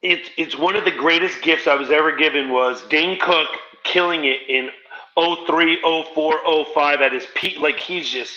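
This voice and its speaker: Bright, fast-storytelling comedian, a man. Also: fairly high pitch, highs cut off. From New Jersey, US. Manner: rapid, run-on storytelling with acted-out quotes. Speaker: stand-up comedian guest. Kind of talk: animated storytelling in a podcast interview.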